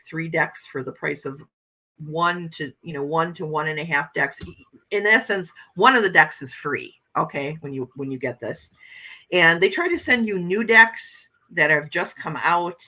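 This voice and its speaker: On a laid-back morning livestream, a woman with a low-pitched yet bright, forceful voice talks with her audience. She reads out viewer comments while displaying oracle card decks, all captured in a rough recording.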